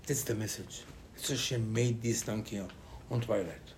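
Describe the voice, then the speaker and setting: Man teaching a lively Torah lesson. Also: mid-range voice, normal speed. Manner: animated, acts out dialogue, ungrammatical phrasing.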